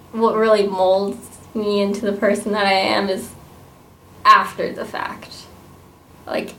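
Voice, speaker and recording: A young woman hosting a casual podcast chat, telling personal stories in an animated, giggly way. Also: medium pitch, creaky, poor audio. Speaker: podcast host.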